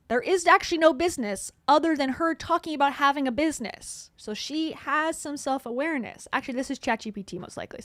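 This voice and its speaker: A millennial woman from the Midwest giving sarcastic commentary, reading posts aloud with deadpan asides. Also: high voice, no room sound. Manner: snarky, deadpan asides with sudden laughs. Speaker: commentary streamer.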